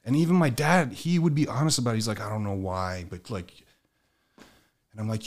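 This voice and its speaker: A man with a very low, deep voice talks candidly in a relaxed chat, swearing freely. He tells personal stories and acts out the lines of the people in them. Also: a little fast. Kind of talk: candid conversational storytelling.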